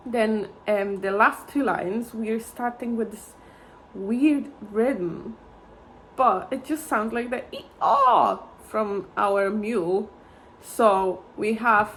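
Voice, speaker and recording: A woman gives a violin lesson in a slightly high voice, speaking slowly and patiently. She chants simple fruit words to count out the rhythms. Faint room noise sits behind her. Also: a bit bright. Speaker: violin teacher.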